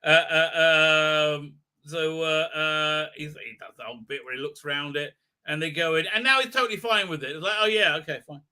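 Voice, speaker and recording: A man hosting a livestream, rambling excitedly through a casual movie recap with lots of fillers. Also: a little high, smooth. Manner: rambling and excitable, with many fillers and quick tangents. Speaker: livestream host.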